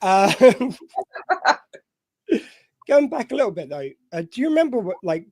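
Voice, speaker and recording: A man's voice: high voice, very animated, unhurried, mellow, no echo. A man with a slightly posh voice who hosts a show. He chats casually and rambles, with many fillers and restarts. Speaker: host. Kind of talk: casual chat.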